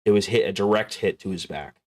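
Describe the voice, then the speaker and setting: A man narrating a tabletop game as game master, slow and dramatic, dropping to hushed tones. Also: lowish voice.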